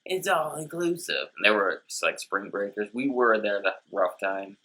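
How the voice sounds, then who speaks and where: A man's voice: lowish voice, normal speed, pushed and bright. A man co-hosting a comedic beer tasting show, telling rambling stories in casual chat and acting out what people said. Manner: rambling storyteller, acts out quotes. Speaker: co-host of a beer tasting web series.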